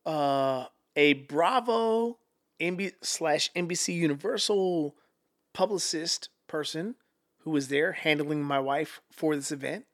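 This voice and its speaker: A man who is a guest on a podcast, telling stories casually in an animated way, swearing freely and acting out quotes. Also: fairly high pitch, slow. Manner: animated, profane, acts out quotes. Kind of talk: casual storytelling.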